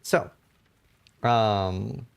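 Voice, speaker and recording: A man with a Norwegian accent chats casually on his stream. His voice is smooth and resonant with a gravelly edge, and he wanders through his anecdote with plenty of fillers, close to a desk mic. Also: on the low side, extremely slow. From Norway. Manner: rambling, animated anecdote with filler words. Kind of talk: casual storytelling while gaming.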